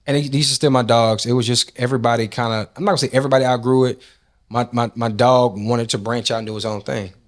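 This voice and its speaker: A man's voice: medium pitch, fast talker. A man from Nashville, a rap and R&B artist, telling stories from his life in a casual interview. He talks loosely, swears often and acts out what people said. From Nashville, Tennessee. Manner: loose, profane, animated storytelling with acted-out quotes.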